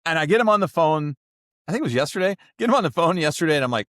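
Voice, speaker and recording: A man's voice: fairly high pitch, expressive, rapid-fire, fairly bright tone, no room sound, studio quality. A man co-hosting a casual podcast chat, telling rambling stories and acting out what other people said. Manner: rambling storyteller, acts out quoted voices. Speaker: podcast co-host.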